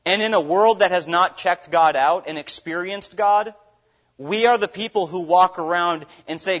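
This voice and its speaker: A man's voice: sits high, brisk, fairly bright tone. A man from Minnesota preaching a sermon as pastor, earnest and full of rhetorical questions. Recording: dull lo-fi recording.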